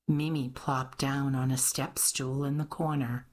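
A woman with a low, slightly husky voice reads a mystery novel aloud. She takes her time, unhurried and even. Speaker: audiobook narrator. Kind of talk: scripted narration.

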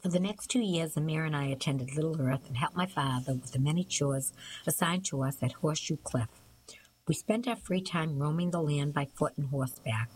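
A woman reading a novel aloud as an audiobook narrator, in a measured, even storytelling manner. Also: deep voice, a little hiss or hum, rough recording. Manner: measured, even storytelling with occasional small slips. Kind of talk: scripted narration.

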